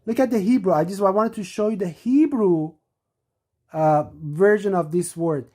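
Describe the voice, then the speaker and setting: A woman's voice: mid-range voice, warm tone. Emphatic woman teaching scripture. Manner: emphatic, slows to stress key words. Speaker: religious teacher. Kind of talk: scripture-reading lecture.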